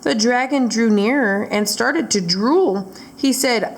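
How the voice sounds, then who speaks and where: A woman reading a rhyming picture book aloud for a library storytime. Her pace is slow and deliberate, following the rhythm of the verse. A faint room ambience sits behind her voice. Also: on the high side, a little hiss or hum.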